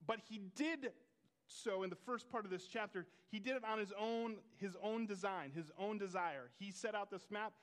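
A man's voice: high voice, normal speed. Conversational man preaching. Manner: conversational storytelling with quoted dialogue. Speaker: pastor. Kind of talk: sermon.

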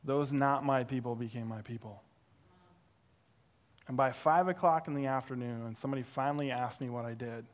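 A male pastor preaching through a personal story, animated and self-deprecating, acting out the voices he quotes. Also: medium pitch, normal speed. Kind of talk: sermon storytelling.

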